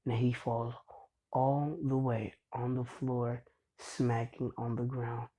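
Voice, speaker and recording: Rambling young man with a dark, husky voice. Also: mid-range voice, flat delivery, takes it slowly, rough recording. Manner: rambling, many fillers and "he's like". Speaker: fan storyteller. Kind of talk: casual retelling of a fan story.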